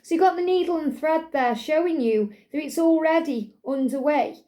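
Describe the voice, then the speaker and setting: Woman doing a card reading, high voice, soft and repetitive, calm. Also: moderate pace. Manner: gentle, repetitive, soothing delivery. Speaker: tarot and oracle card reader. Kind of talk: spiritual card reading to camera.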